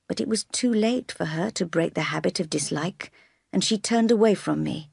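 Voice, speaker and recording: Woman narrator, calm storytelling, lowish voice, dry close sound. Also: normal speed, vocal fry, husky, dry recording. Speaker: audiobook reader. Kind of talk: scripted narration.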